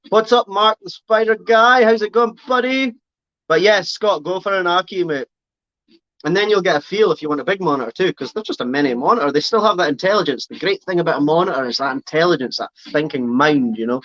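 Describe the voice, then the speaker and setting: A man's voice: a little high, lively intonation, fairly quick, a bit bright, dry recording, dull audio. A man chatting casually on a live stream, rambling and correcting himself as he answers comments. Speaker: reptile keeper streaming live.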